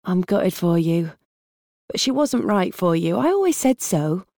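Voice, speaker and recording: A woman reading an audiobook, voicing a harried young woman with a British accent who juggles phone calls while driving and talks in a brisk, exasperated way. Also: on the low side, big pitch swings, gravelly, a little mellow, no echo, studio quality, heavily acted. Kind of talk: audiobook character voice.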